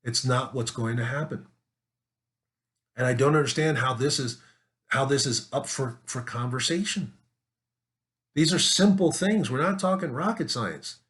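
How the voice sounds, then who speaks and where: A man's voice: medium pitch, unhurried, pauses often, fairly bright tone. A man in an opinion monologue, talking emphatically with rhetorical questions and repeated words as he builds his case. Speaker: political commentator.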